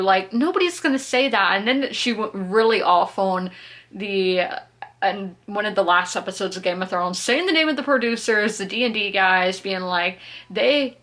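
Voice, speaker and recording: A woman's voice: medium pitch, normal speed, a bit bright. A woman, chatting casually to camera about books she is reading and laughing often. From South Carolina, US. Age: 20s. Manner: chatty, giggly, talks through her opinions. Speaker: book vlogger. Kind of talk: casual reading vlog chat.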